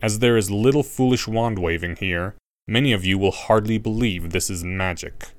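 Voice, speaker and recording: A man reading a story aloud, voicing a cold, menacing male potions professor who speaks low, slow and silky. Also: no room sound, clean studio sound, natural voice.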